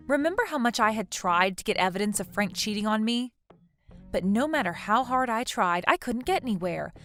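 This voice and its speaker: A woman's voice: mid-range voice, lively intonation, normal speed, fairly bright tone, faint music behind, lightly acted. A woman voicing a betrayed wife who confronts her cheating friend, accusing and indignant. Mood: hurt. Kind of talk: text message story dialogue.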